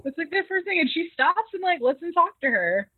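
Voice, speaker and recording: A woman co-hosting a podcast, casually recapping an episode in an animated way with laughter. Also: extremely high pitch, fairly quick. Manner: animated, laughing, acts out quoted lines. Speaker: podcast co-host. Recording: tinny phone-like dry sound.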